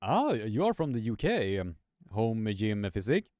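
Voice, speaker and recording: A man giving live arm wrestling commentary. He talks in a halting way, full of fillers and restarts, and climbs in pitch when the action heats up. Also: very animated, a little mellow, no room sound, studio quality. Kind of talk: live sports commentary with chat.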